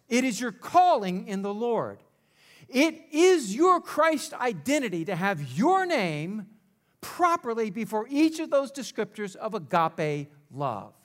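A male pastor preaching a sermon, asking rhetorical questions and leading the congregation in call-and-response. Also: very high-pitched.

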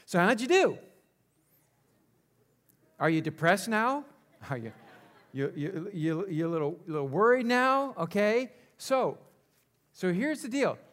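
A man's voice: high-pitched, sing-song, unhurried, long pauses, fairly bright tone. A male pastor preaching a sermon, asking rhetorical questions and leading the congregation in call-and-response.

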